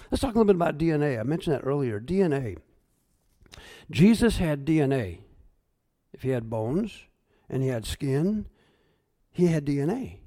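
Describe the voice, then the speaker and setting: A middle-aged pastor preaching a sermon, swinging between hushed, choked-up asides and raised, emphatic points. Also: male voice, on the high side, gravelly. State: choked up at times.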